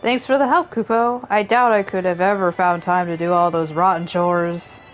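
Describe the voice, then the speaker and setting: A woman voicing a small, cheerful moogle creature in a game, speaking high and bouncy. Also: fairly even intonation, normal speed, soft background music, lightly acted. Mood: chirpy. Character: chirpy little moogle creature.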